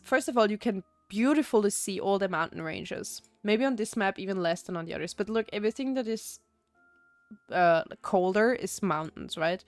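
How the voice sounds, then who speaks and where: A woman's voice: medium pitch, dry recording. Rambling woman streamer. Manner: rambling, many fillers and restarts. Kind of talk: casual gameplay chat.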